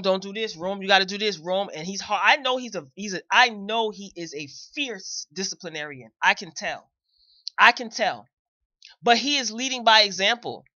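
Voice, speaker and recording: A woman's voice: medium pitch, pushed and bright, no room sound, lo-fi sound. A woman hosting a live commentary show, talking straight to her viewers and repeating phrases for emphasis. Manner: chatty, addresses viewers directly. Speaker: host.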